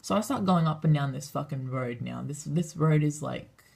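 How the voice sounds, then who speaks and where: This is a young woman, chatting casually to camera in a vlog. Her voice sits low and has a husky, raspy edge, with some gravelly fry at the ends of her phrases. She rambles and swears freely, acting out the lines of everyone in her story. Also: normal speed, a little mellow. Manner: rambling, swears a lot, acts out quotes. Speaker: vlogger.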